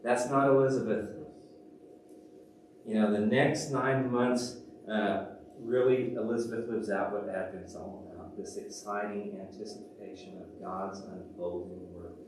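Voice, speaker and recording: A man preaching a sermon as pastor, telling stories animatedly and dropping from loud to hushed. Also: on the low side, fairly even intonation, a little slow, a little hiss or hum. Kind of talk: sermon with storytelling. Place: church sanctuary. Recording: very echoey church from a distant mic.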